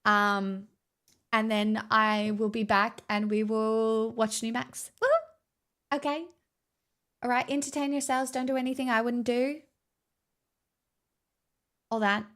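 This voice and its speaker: A woman's voice: fairly high pitch, steady tone, unhurried, long pauses, fairly bright tone, smooth. A woman with a slightly Americanised Australian accent chatting casually on a livestream, rambling and swearing freely. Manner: rambling, swears, filler-heavy.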